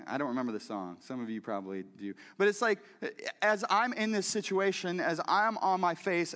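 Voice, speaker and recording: A man preaching a sermon in a church, talking in a lively, conversational way with frequent restarts and repeated words. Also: high-pitched, big-room sound. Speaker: pastor. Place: church sanctuary.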